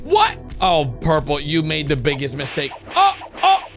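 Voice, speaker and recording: A man commenting excitedly on cartoon animations, jumping between low murmurs and sudden shouts and gasps. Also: unhurried, vocal fry. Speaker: gaming YouTuber. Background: background music.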